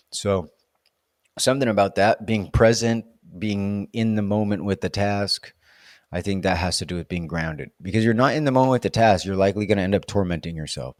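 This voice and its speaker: A man's voice: low-pitched, dry recording, studio quality. A man in a casual, reflective monologue, rambling and musing with plenty of fillers. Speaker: vlogger.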